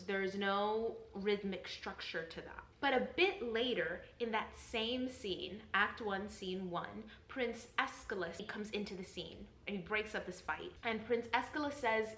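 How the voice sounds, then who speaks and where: A woman's voice: medium pitch, fairly bright tone. A young woman, an actor, gives an earnest, encouraging lesson on reading Shakespeare, explaining things step by step. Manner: earnest, encouraging, repeats reassurances. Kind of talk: enthusiastic explanatory vlog lesson. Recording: roomy echo.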